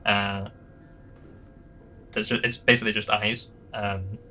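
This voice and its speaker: A man's voice: on the low side, little pitch movement, takes it slowly, bright, forceful tone, a little hiss or hum. A man narrating as game master in a tabletop game, rambling with many fillers and restarts. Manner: rambling, hesitant, lots of fillers.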